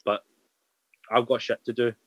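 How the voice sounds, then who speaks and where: A man's voice: medium pitch, little pitch movement, moderate pace, fairly bright tone, no room sound, rough recording. A man chatting as a podcast guest, candid and rambling, often restarting his sentences. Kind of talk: casual chat.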